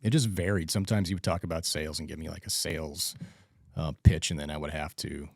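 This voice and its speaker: A man's voice: extremely low pitch, fairly even intonation, fast talker, vocal fry, no room sound, clean studio sound. A man hosting a casual podcast chat, rambling with restarts and acting out remembered exchanges. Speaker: podcast host and trainer instructor.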